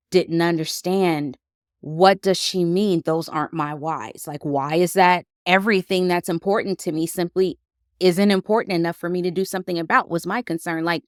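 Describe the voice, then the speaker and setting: Woman podcast host, lowish voice, unhurried confessional storytelling, dry close sound. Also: no echo. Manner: reflective and unhurried, with emotional emphasis.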